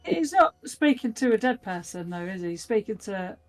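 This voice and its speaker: A woman's voice: mid-range voice, very animated, moderate pace, soft background music. Woman player asking questions. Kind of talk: casual tabletop play.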